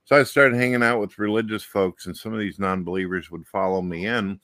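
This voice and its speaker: A man's voice: lowish voice, fairly even intonation, brisk, fairly bright tone, no echo. A middle-aged man talking casually and bluntly, swearing freely as a show host. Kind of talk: casual conversation.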